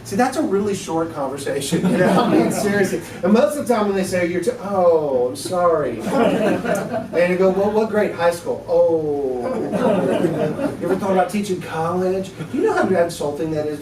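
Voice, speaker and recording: A man teaching apologetics in a relaxed class, telling an anecdote with laughs and acted-out dialogue. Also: high-pitched. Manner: chatty, laughing storyteller, acts out dialogue. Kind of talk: casual classroom talk with anecdotes. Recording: echoey room, mic at a distance.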